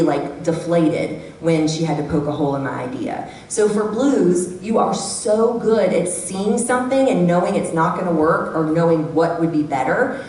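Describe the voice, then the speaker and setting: A middle-aged woman giving a lively workshop talk to a live audience, acting out the voices she quotes. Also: fairly low pitch. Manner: animated, acts out quoted voices. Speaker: workshop speaker. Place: church hall. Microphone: handheld microphone. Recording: echoey hall from far off, faint background hum.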